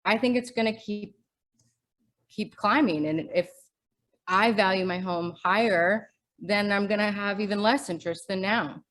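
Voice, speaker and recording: A woman's voice: mid-range voice, measured pace, fairly bright tone. A woman playing a home seller in a training role-play, giving short, plain answers.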